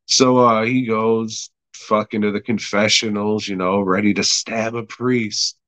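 A man's voice: on the low side, flat delivery, measured pace, fairly bright tone, dry recording, rough recording. A man hosting a podcast, recapping an episode in a profane, rambling way and laughing often. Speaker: podcast host reviewing an episode. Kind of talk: casual chat.

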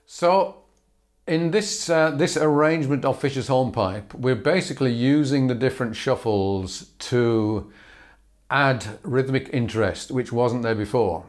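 A man's voice: medium pitch, measured pace. Man teaching fiddle bowing, thinking aloud. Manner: thinking aloud with frequent ums, sings bowing rhythms as syllables. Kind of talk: relaxed instructional talk.

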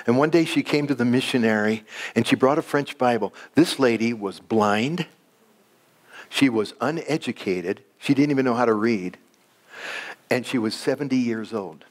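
A man, a pastor, preaching a sermon in a church. He talks with animation, climbing high when excited, and drops soft, slow and low when he prays.

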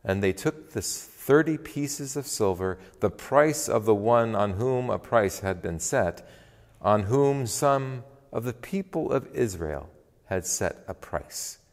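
A man reading scripture in a worship service, expressive and deliberate. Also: on the low side, long reverb tail. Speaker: lay reader. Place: church.

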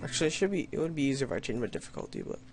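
Over music, a young man narrates his run through an adventure map in let's play commentary, speaking very animatedly at a racing pace in a mid-range voice. Wry and playful, he reads story lines mock-dramatically and then jokes wryly at himself.

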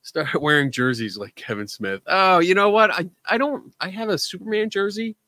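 A man's voice: high-pitched, normal speed, sharp tone, dry recording. A man hosting a live call-in show, chatting casually in a joking, self-deprecating way. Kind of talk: casual livestream chat.

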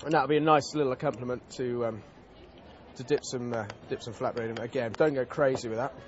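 A man's voice: medium pitch, fairly even intonation, fast, dull audio, a little hiss or hum. A man demonstrating a cooking dish as a TV chef, talking in a casual, chatty and enthusiastic way at an outdoor food festival.

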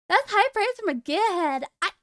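A young woman streams and chats with her viewers in a playful, teasing tone, breaking into giggles often. Her voice sits very high. The sound is dry and close, with no room around it. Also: fairly bright tone, dry recording. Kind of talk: casual stream chat.

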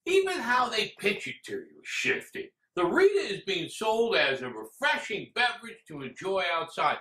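A man delivering a scripted comic rant about drinks, building up to shouts. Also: sits high, wildly swooping pitch, moderate pace, hardly any pauses. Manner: ranting, escalating to shouts. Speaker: comedian reviewing drinks. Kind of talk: scripted comedic monologue. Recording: roomy echo.

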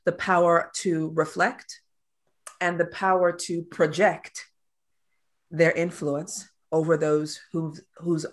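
Effusive woman moderating a video panel. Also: on the low side. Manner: effusive, expressive reactions. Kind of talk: virtual panel conversation. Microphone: video call.

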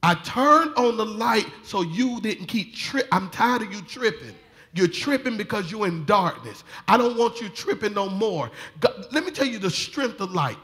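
High-voiced preacher building to shouts. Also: male voice, very animated, normal speed. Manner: folksy, building to shouted fervor, laughing often. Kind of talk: sermon. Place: church sanctuary.

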